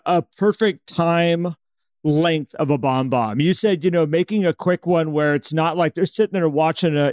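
Playful man, slightly high voice. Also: darkish tone, no room sound. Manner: playful, rambling questions full of fillers. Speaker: podcast co-host. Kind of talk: podcast conversation.

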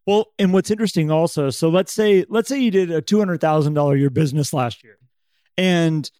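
Guy cohosting a chat show, lively, throws in little voices, dry close sound. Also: a little high, a little fast, no room sound. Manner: animated, acts out an inner voice. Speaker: podcast co-host. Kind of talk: casual chat.

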